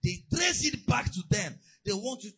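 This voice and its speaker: Animated husky preacher man. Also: high-pitched, moderate pace, rough recording. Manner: animated preaching with stories and asides. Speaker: pastor. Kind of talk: sermon.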